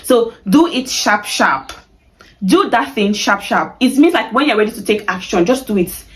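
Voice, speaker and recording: A woman's voice: on the high side, animated, moderate pace, rough recording. Chatty Nigerian woman teaching slang. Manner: chatty, laughs often, acts out sample phrases playfully. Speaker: language teacher. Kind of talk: casual video lesson.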